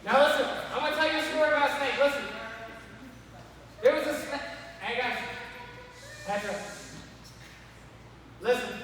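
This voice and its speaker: High-voiced man preaching in an echoey hall. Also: moderate pace, pauses often. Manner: animated, repeatedly calling for attention. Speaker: youth speaker. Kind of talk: sermon to kids. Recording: echoey hall from far off, faint noise.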